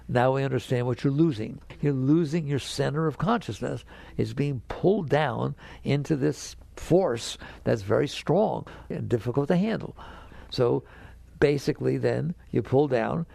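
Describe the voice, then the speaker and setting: A man's voice: gravelly, dark tone, no room sound. An older man, a spiritual teacher, talking directly to an audience and often checking that they follow him. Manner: direct, conversational, keeps checking the audience understands; grows emphatic and higher when making a point.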